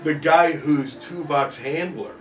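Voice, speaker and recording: A man tells a story in loose, casual chat, swearing freely and acting out the people in it. His voice sits a little high. The room echoes, and he sounds like he is set back from the mic with a faint hiss underneath. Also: takes it slowly, recorded from a distance. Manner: profane, animated storyteller. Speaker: stream co-host.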